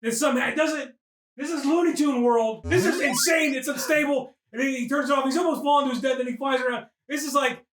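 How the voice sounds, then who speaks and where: A man doing a loud, profane, excitable comedic movie recap as podcast host, often breaking into shouts. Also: very high voice, quick pace, roomy sound.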